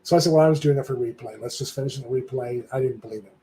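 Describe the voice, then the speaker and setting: An older man, a guest on a live stream, chatting casually and telling an animated story, acting out the voices of the people in it. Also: medium pitch, very fast, a little hiss or hum, poor audio.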